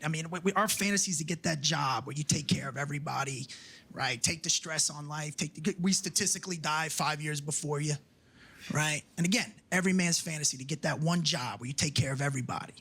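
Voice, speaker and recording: A man doing a stand-up comedy set, brash and profane, mocking and shouting for punchlines. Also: a little high, a little fast, breathy edge. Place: comedy club stage with a laughing audience. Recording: live club recording with audible crowd ambience.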